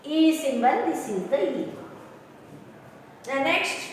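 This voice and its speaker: Slow high-voiced woman teaching pronunciation in a hall. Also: expressive, slight background noise. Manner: slow, repetitive, asks "understand?" often. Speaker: English teacher. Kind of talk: classroom lecture on pronunciation. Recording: echoey hall from far off, faint ambience.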